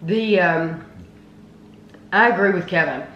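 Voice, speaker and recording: A woman's voice: fairly low pitch, slow, highs cut off. A woman hosting a casual taste-test video, talking effusively and full of praise about snacks. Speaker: food reviewer, channel host. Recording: roomy with faint noise.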